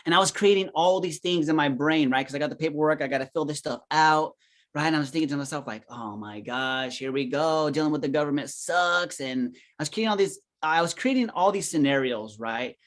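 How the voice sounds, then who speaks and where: A man's voice: a little high, brisk, a bit bright. A man co-hosting a podcast, telling a personal story reflectively in casual chat. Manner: reflective, keeps asking "right?". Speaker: podcast co-host.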